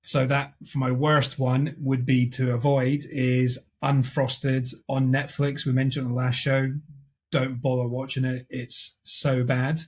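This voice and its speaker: A man's voice: medium pitch, level tone, measured pace. A man with a Scottish accent co-hosting a movie podcast, chatting casually and joking, swearing freely. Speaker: podcast co-host. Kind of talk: casual chat.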